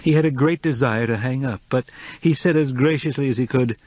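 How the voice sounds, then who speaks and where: A man narrating an audiobook in a measured, even storytelling voice. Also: medium pitch.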